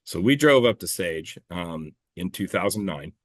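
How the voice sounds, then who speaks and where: Low-voiced male guest, loose and rambling storyteller, swears casually, dry close mic. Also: animated, moderate pace, dry recording. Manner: rambling, self-correcting, swears freely, laughs at own stories. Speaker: clay shooting competitor and coach, guest.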